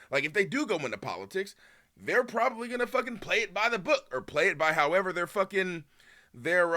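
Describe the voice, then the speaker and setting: A man ranting on a stream with a bright, fairly high voice. He swears constantly and swings from loud outbursts to low muttering as he reacts to a video. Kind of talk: casual ranting commentary.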